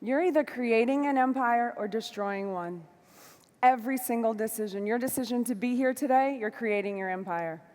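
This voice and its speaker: A woman giving a motivational stage talk to a live audience, fiery and emphatic, moving between shouts and soft asides. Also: on the high side, moderate pace, long reverb tail. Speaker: motivational speaker. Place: large hall before a live audience.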